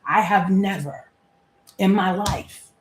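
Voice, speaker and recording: A woman's voice: medium pitch, slow pace, slight background noise. Candid woman in her forties, echoey room. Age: 40s. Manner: candid, chatty, laughs often, casual slang. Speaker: vlogger. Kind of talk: personal reflective monologue.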